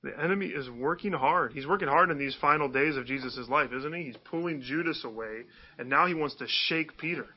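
A man with a drawl delivers a conversational sermon, tossing rhetorical questions at the congregation. His voice sits a little high for a man, and the recording sounds dull and lo-fi. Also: brisk, slightly rough. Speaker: pastor.

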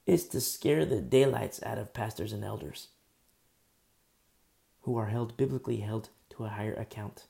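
A man's voice: fairly low pitch, normal speed, gravelly, long pauses, mellow. A man preaching a conversational sermon, emphatic and full of rhetorical questions.

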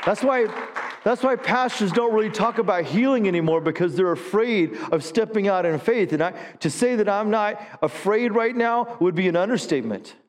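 A pastor preaching a sermon, calling for the congregation to answer and swinging between hushed stretches and rising appeals. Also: male voice, sits high, lively intonation, moderate pace, a faint crowd. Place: church sanctuary. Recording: long hall reverb.

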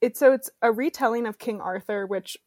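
A woman's voice: on the high side, a little fast, darkish tone, no room sound, clean studio sound. A woman hosting a book podcast, chatting casually with lots of fillers and giggles. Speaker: podcast host and romance author. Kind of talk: casual chat.

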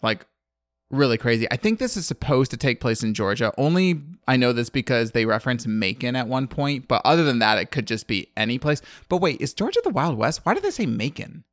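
A man's voice: medium pitch, big pitch swings, a little fast, a bit bright, no room sound. A man from the American South casually recapping a movie as a podcast co-host, rambling and laughing often. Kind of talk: casual chat.

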